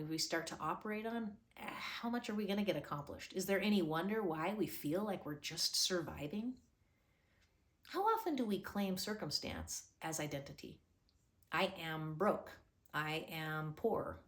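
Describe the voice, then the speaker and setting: A woman hosting a motivational talk, earnest and coaching, firing off rhetorical questions at the listener. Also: on the low side. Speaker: motivational host.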